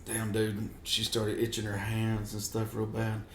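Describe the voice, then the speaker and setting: A man's voice: on the low side, monotone, a little slow, a bit bright, a little hiss or hum. A man telling a rambling story in casual chat, full of fillers. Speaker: guest. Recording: echoey room with faint ambience.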